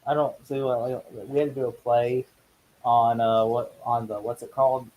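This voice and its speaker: A man in casual chat at a movie watch party, animated and argumentative, swearing freely. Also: medium pitch, normal speed, muffled recording.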